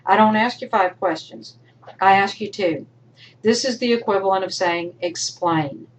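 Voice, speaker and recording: A woman's voice: mid-range voice, normal speed, low-quality recording. A woman college instructor giving recorded feedback to her students, emphatic and coaching, sometimes acting out imagined student voices. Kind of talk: recorded lecture to online students.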